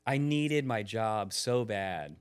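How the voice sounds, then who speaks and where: A man with a fairly low voice tells a story in a relaxed podcast chat. He gets animated, acting out what people said to him, and his voice jumps up when he does. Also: takes it slowly, smooth. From United States. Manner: animated, acts out quotes with rising pitch. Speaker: podcast guest. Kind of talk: casual storytelling.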